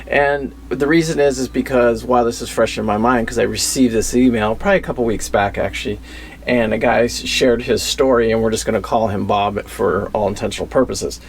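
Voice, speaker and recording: A man's voice: mid-range voice, steady tone, fairly quick, gravelly, a little hiss or hum. A man telling a story in a casual vlog, rambling, with many fillers and restarts. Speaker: vlogger.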